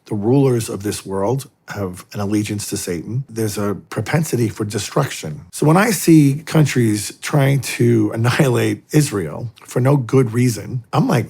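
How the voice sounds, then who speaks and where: A man's voice: mid-range voice, normal speed, vocal fry, hardly any pauses, slightly rough. A middle-aged man, a Catholic priest, telling stories in an interview and acting out the people in them. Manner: animated, acts out quoted exchanges. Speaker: Catholic priest and exorcist, guest. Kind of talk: interview storytelling.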